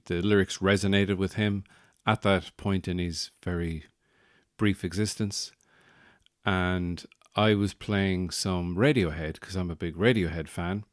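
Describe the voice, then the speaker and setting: A man's voice: deep voice, no room sound. A man hosting a podcast as a new father, talking in a dry, self-deprecating and joking way in a casual monologue. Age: young adult or middle-aged new father. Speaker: podcast host.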